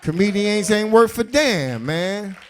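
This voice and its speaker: A man's voice: sits high, animated, slow pace, a little hiss or hum. A man with a New York accent doing a stand-up comedy set on a live club stage, bantering loosely with the crowd in street talk. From South Bronx, New York.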